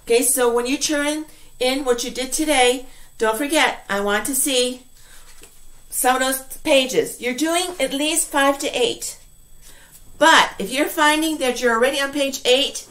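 A woman teacher giving an online class to English learners, speaking slowly and clearly in an encouraging way. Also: high voice, a bit bright. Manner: slow, clearly enunciated, encouraging.

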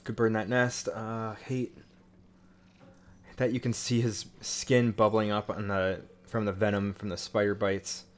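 A man's voice: on the low side, flat delivery, measured pace, a little hiss or hum. A man streaming a horror game live, cursing and sounding irritated as he plays. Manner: profane, irritated, exasperated. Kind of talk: live gameplay commentary.

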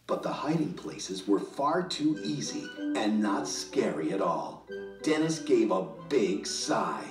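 A woman nursery school teacher reading a storybook aloud to children, slow and sing-song, pausing to ask them questions. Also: rumbling low, sing-song. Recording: echoey room, mic far off, faint music.

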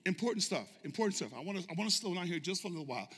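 Fervent, shouting pastor in an echoing sanctuary. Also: male voice, sits high, lively intonation, rapid-fire. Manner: fervent preaching, shouting, call-and-response with congregation. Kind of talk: sermon. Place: church sanctuary. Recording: echoey church sanctuary reverb.

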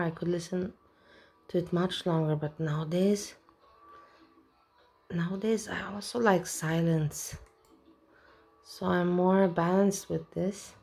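A woman's voice: on the low side, darkish tone, breathy edge. A woman vlogger talking casually and openly emotional, with a rambling way of speaking. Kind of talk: casual reaction vlog.

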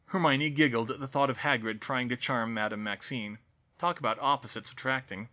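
Bright-voiced male audiobook narrator. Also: medium pitch, a little fast. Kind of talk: audiobook reading of fan fiction.

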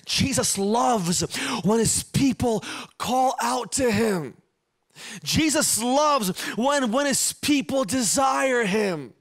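A man with a high-pitched voice preaching a sermon. He repeats phrases in a rolling cadence and moves between quiet stretches and loud, shouted peaks. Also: lively intonation, slow pace. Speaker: pastor.

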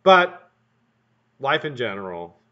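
A man rambles through a casual live stream from his home workbench, his talk full of swearing and joking asides to the chat. His pitch swings a lot, and the stream audio sounds dull and lo-fi. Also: big pitch swings, takes it slowly, bright, forceful tone. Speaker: livestream host building vape coils. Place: home workshop room.

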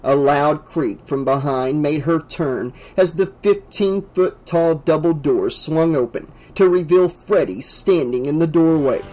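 Male audiobook narrator with a higher voice. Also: measured pace, few pauses, mellow, poor audio. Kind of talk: dramatic audiobook reading.

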